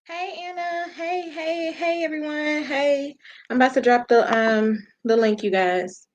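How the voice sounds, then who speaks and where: A woman's voice: sits high, fairly even intonation, measured pace, highs cut off. A woman hosting a livestream in casual chat from home, talking loosely with slang and laughing often. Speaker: livestream host. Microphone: computer mic on a live video call.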